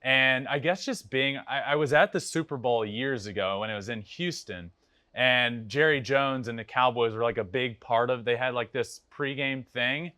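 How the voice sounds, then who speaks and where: A young man hosting a podcast, chatting casually and telling animated, laughing stories. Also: mid-range voice, moderate pace, no room sound, clean studio sound. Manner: animated storyteller, laughs often. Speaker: podcast host. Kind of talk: casual interview chat.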